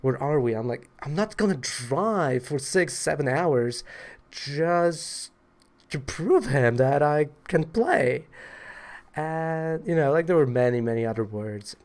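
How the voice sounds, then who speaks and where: In a casual vlog, a trading card seller from Poland rambles through a story with lots of fillers, sounding wry and exasperated. His voice is fairly high-pitched, expressive, and slow, with a darkish tone.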